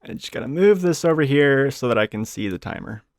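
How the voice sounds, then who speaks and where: A man giving casual let's-play commentary, swearing freely and quick to rant at game characters. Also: mid-range voice, lively intonation, vocal fry, slight background noise. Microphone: desk microphone.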